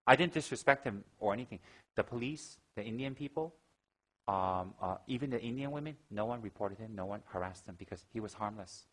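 A man giving a Buddhist teaching, telling stories in an animated way and acting out gasps and quoted lines. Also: lowish voice, rough recording. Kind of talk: dharma talk with anecdotes.

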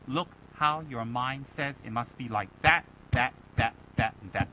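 A man teaching a Buddhist dharma talk, animated and rhetorical, mimicking his listeners' complaints. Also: mid-range voice, unhurried, a little hiss or hum, low-quality recording. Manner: animated, rhetorical, mocking imitations.

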